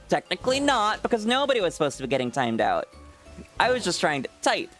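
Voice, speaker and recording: A man's voice: high-pitched, wildly swooping pitch, moderate pace, bright, forceful tone, soft background music. A man streaming a game and chatting with viewers, teasing them, swearing freely and laughing often. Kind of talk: casual live-stream chat with viewers.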